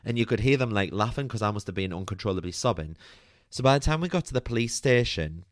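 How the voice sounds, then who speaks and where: Man, podcast storyteller, candid and chatty; low, smooth voice, recorded dry and close. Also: expressive, fast talker, no room sound. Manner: chatty and candid, peppered with "like" and mild swearing. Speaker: podcast host. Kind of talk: personal storytelling monologue.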